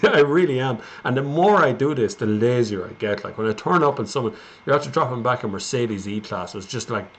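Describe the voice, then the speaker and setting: An Irish man hosting a live stream, chatting casually and rambling as he reads out viewer comments. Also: mid-range voice.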